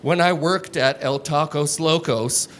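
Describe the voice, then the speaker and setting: Fairly high-voiced male comic, deadpan and crude, live club, audible room noise. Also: a little slow. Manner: deadpan, crude, self-mocking delivery. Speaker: stand-up comedian. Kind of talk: stand-up comedy set. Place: comedy club stage.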